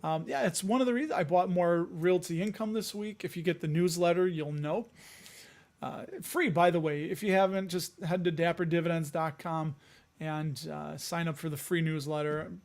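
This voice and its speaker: A man's voice: fairly high pitch, fairly even intonation, moderate pace, a little mellow. Chatty man hosting a livestream. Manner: chatty, jokey asides while reading news items. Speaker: host of a dividend investing show. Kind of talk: casual livestream chat.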